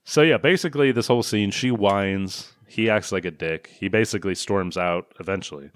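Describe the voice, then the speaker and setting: A man's voice: on the low side, moderate pace, no echo, clean studio sound. A man co-hosting a comedy podcast, recapping a film in a sarcastic, profane, mocking way.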